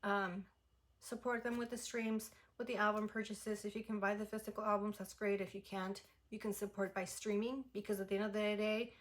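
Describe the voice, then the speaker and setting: A woman's voice: medium pitch, little pitch movement, a little fast. A young woman chatting through a casual album review, full of "like" fillers and gushing enthusiasm. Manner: chatty and effusive, many "like" fillers. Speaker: music reaction vlogger.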